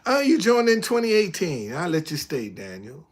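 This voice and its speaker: Older male streamer, high-pitched, emphatic profane storyteller, lively swings. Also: moderate pace. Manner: animated, loud retelling, drops low when reading chat. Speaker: live streamer. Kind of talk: casual live stream talk.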